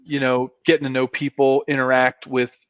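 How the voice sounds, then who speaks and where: A man's voice: mid-range voice, moderate pace, clean tone, dry recording. A man, a former pro football player, telling stories as a guest on a casual fan show, acting out the voices of the people in them. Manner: animated, acts out voices in his stories. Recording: dry, dull lo-fi sound.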